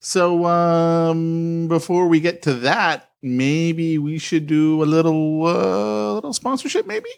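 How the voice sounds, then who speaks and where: High-pitched guy co-hosting a podcast, laughs a lot, makes fun of himself. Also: slow pace, creaky, clean tone. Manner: laughing, self-deprecating. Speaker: podcast co-host. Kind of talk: casual chat.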